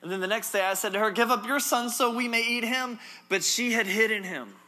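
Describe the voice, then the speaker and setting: A man's voice: high voice, a little fast, bright, forceful tone, pitched above the performer's own voice. A male preacher voicing a desperate, starving mother who pleads urgently, in a sermon retelling. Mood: pleading.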